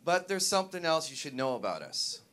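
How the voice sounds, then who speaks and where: Canadian man doing stand-up, higher-pitched. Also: sing-song, fairly bright tone, slight background noise. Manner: self-deprecating, halting with fillers and restarts. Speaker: stand-up comedian. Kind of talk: stand-up comedy set. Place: comedy stage before a live audience.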